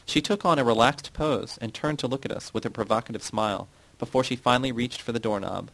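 Male audiobook narrator, measured delivery, mid pitch, dry close mic. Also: creaky, fairly bright tone, no room sound, rough recording. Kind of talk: scripted narration.

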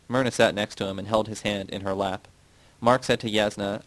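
A man reading a first-person audiobook narration in a measured, even way. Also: on the low side, no echo, poor audio.

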